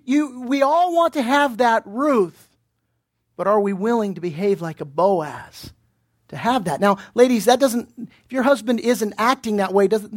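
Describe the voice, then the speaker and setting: A man preaching a sermon as pastor, earnest and direct, putting pointed questions to his listeners and often restarting his words. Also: extremely high pitch. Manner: earnest, repeats himself while searching for words, asks pointed questions.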